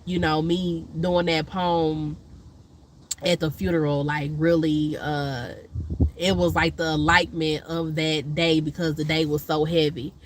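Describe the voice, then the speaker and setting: A woman vlogger, telling a rambling personal story with many fillers and loud, high impressions of other people. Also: flat delivery, measured pace, a little hiss or hum, poor audio. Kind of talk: casual storytelling chat.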